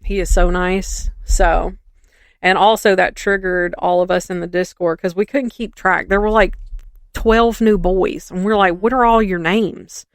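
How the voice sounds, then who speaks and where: Animated gossipy woman podcaster. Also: on the low side, measured pace, dry recording. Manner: animated gossipy storytelling, acts out quotes. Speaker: podcast co-host. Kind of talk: casual chat.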